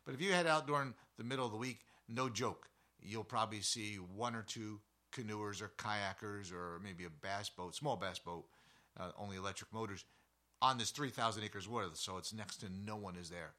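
A man who hosts an outdoor show, telling a story in a casual, animated, rambling way full of side remarks. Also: on the low side, moderate pace.

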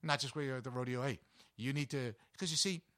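A man's voice: medium pitch, fast, fairly bright tone, no echo, clean studio sound. A man telling casual travel stories in a rambling, anecdotal way, with many fillers and restarts. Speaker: travel vlogger.

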